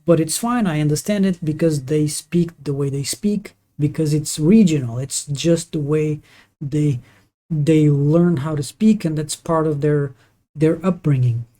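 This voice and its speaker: A native Portuguese speaker streaming live, chatting casually while gaming in a halting, opinionated way with many restarts. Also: medium pitch, dark tone.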